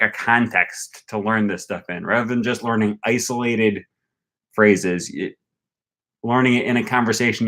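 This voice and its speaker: A young man casually thinking aloud as he tries a language app, slowly repeating foreign phrases after a recording. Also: medium pitch, fairly bright tone. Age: young adult. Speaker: language learning vlogger. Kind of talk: casual commentary while using a language app.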